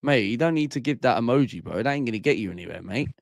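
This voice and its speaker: A man's voice: mid-range voice, animated, rapid-fire, creaky, no echo, clean studio sound. A man hosting a casual call-in livestream, talking bluntly and tagging lines with bro and mate. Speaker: livestream host.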